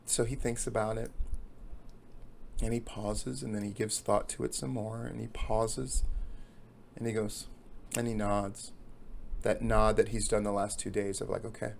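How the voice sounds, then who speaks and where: A man hosting a talk, telling a long joke as an animated storyteller who acts out the characters. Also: fairly low pitch, unhurried, vocal fry, long pauses, a little hiss or hum. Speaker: podcast host.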